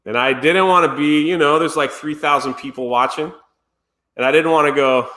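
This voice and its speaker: A man's voice: a little high, normal speed, pushed and bright. A man streamer telling a story casually and animatedly, laughing and acting out quotes. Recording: roomy echo.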